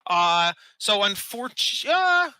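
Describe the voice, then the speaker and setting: A game master running a tabletop game with a very bright voice that swoops up and down a lot. Hesitant, with many ums, and often breaking into a laugh, recorded dry and close. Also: medium pitch, big pitch swings, takes it slowly, clear, resonant tone, no room sound, rough recording.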